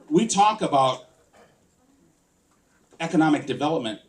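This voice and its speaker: A man, a political candidate, giving an impassioned campaign speech and firing rhetorical questions at the crowd. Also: on the high side.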